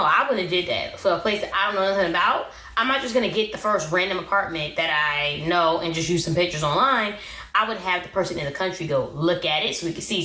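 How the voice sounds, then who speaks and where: A young woman speaking gives an animated, opinionated reality show recap, full of "um" and "like." Her voice is bright, and the room around her is echoey. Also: mid-range voice. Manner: chatty, animated, opinionated, with many "um" and "like".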